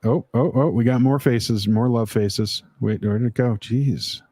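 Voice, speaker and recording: A man's voice: medium pitch, measured pace, dark tone, slightly rough, dry recording. A man hosting a casual livestream chat, rambling with many "uh" fillers, speaking on a video call mic. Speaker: livestream host.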